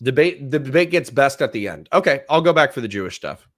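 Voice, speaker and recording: A man's voice: mid-range voice, very animated, quick pace, fairly bright tone. A man live-streaming commentary on a debate, ranting and swearing in exasperation. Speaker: livestreamer reacting to a debate.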